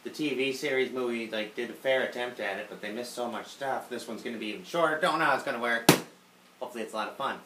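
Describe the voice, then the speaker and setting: A man's voice: mid-range voice, quick pace. Self-mocking male gaming host, casual Q&A, roomy sound. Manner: sarcastic, self-mocking, swears freely. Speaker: YouTuber host. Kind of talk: casual viewer Q&A. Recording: roomy room with faint noise.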